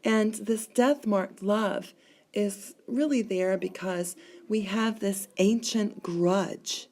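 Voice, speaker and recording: A woman's voice: mid-range voice, slow pace, darkish tone. A woman teacher giving a classroom lecture, explaining step by step and marking out syllables as she goes.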